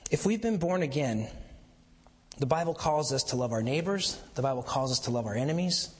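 A man preaching a sermon as pastor, mixing chatty asides with slow, emphatic lines. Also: mid-range voice, animated, big-room sound.

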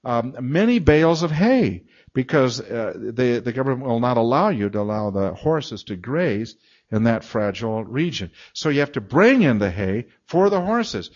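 An older man delivers a storytelling sermon in a chatty, self-mocking way. His voice sits at a middling pitch but leaps around expressively. The recording is a bit dull and lo-fi. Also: sing-song, normal speed, a little mellow. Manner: chatty, self-mocking, acts out moans and laughs. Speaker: guest preacher and Bible teacher.

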